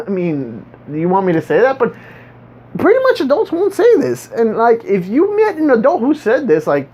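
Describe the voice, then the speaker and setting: Animated rambling ranter, lo-fi. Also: medium pitch, moderate pace, slight background noise. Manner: rambling, repeats and restarts words, sarcastic. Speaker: vlogger ranting to viewers. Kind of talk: casual monologue rant. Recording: dull lo-fi recording.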